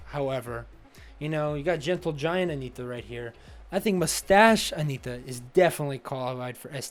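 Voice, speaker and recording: A young man from the United States, casually roasting friends' photos in a chatty, teasing way. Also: fairly high pitch. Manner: teasing, chatty, full of "you know"s. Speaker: comedic tier list host. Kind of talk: casual comedic commentary.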